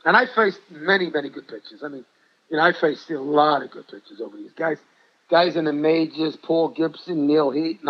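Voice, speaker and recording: An older man from New York, a guest who was once a ballplayer and coach, rambles chattily through interview stories in a voice on the high side, repeating himself. The audio is dull and lo-fi.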